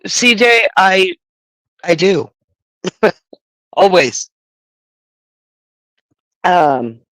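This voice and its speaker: Woman livestream host, slow unhurried talk, dry close sound, profane, rambling. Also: fairly low pitch, sing-song, a bit bright, no room sound, low-quality recording. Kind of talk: casual livestream chat.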